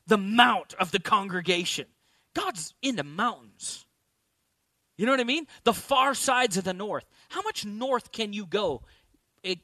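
High-voiced, bright male preacher. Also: no echo. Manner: emphatic, asks the congregation rhetorical questions; repeats key lines for emphasis. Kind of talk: sermon.

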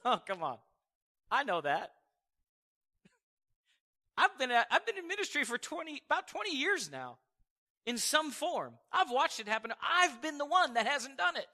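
A man in his forties delivers a sermon to a church congregation. His voice sits high and rings very bright and sharp. He tells stories with lively swings and quick acted-out quotes. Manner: animated, storytelling with acted-out quotes and chuckles. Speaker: preacher. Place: church service before a congregation.

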